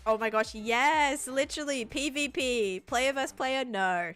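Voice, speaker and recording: A woman's voice: sits high, takes it slowly, hardly any pauses, a bit bright, soft background music. A young woman with an Australian accent chatting casually on a live stream, reading and answering chat while building in a game.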